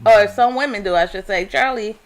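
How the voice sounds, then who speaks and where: A woman's voice: mid-range voice, a little fast, rough recording. Frank woman co-host, faint noise. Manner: frank, opinionated. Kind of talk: casual group chat.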